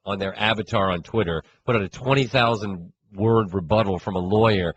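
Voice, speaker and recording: A man's voice: fairly low pitch, fairly quick, muffled recording, a little hiss or hum. Wry, chatty male sports radio host. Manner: wry, chatty, rambling with restarts. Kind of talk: casual sports talk.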